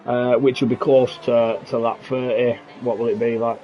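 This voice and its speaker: A man's voice: mid-range voice, flat delivery, moderate pace, dull audio, background noise. A man co-commentating a live sim race, chatty and laying out strategy and stats.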